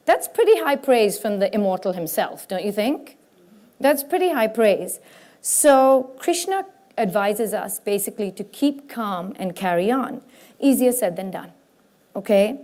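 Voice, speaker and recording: A woman giving a lively, self-mocking talk from a stage to a live audience at a spiritual conference. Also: a little high. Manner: animated, self-mocking, breaks into quick voices for examples. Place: stage before a large audience.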